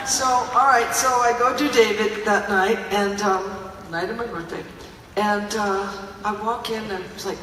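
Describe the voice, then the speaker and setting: An older woman tells a story to a theater crowd, chatty and animated, often laughing. Her voice is bright, and it reaches the phone from far off, swimming in the echo of a big hall. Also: medium pitch, a little hiss or hum. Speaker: singer and stage performer. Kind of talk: live on-stage storytelling. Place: large theater stage. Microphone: audience phone recording from far off.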